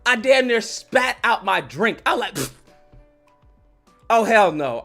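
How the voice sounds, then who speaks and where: A man ranting comically about a movie as a YouTube host, slangy and animated, acting out scenes. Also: sits high, slow, pauses often, soft background music. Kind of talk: comedic movie rant.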